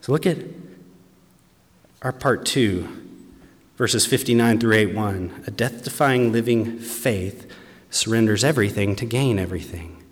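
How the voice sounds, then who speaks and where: Slow-speaking preacher man in a reverberant hall. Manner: earnest, swinging between hushed lows and emphatic raised passages. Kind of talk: sermon. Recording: long reverb from a large hall.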